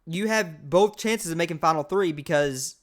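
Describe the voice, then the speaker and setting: A man's voice: a little high, normal speed, fairly bright tone. A young man co-hosting a podcast, rambling through a casual episode recap with lots of fillers and asides. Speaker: podcast co-host.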